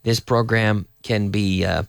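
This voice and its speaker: A man's voice: on the low side, fairly even intonation, measured pace, creaky, clear, resonant tone, no room sound, studio quality. A Canadian man with a Canadian English accent, an English teacher on a radio show, explaining casually and rambling a little while spelling words out letter by letter. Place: radio studio.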